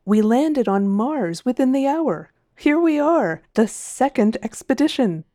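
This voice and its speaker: A woman voicing a cheerful, pompous male spaceship captain in an audiobook reading, speaking slowly and loudly with overly hearty emphasis. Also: high-pitched, expressive, no room sound, clean studio sound, pitched above the performer's own voice.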